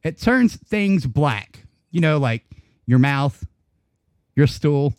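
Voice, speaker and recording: A man's voice: fairly high pitch, slow, no echo. Guy cohosting a podcast, swears a lot, laughs thru his stories, dry close sound. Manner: animated, profane, laughing storyteller. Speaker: podcast co-host. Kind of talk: casual chat storytelling.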